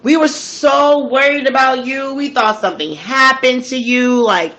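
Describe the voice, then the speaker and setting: A sly young roommate voiced by a woman gushes fake worry in a raised, rambling voice. She speaks more slowly than her usual storytelling voice. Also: high voice, fairly bright tone, pitched above the performer's own voice. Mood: fake concern.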